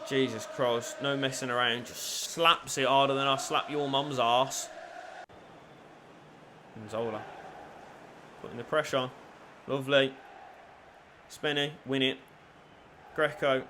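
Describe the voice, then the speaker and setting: A young man commentating his own football video game and chatting to viewers, shouting at goals and swearing at the referee. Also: medium pitch, fairly even intonation, unhurried, pauses often, noisy background. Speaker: gaming YouTuber.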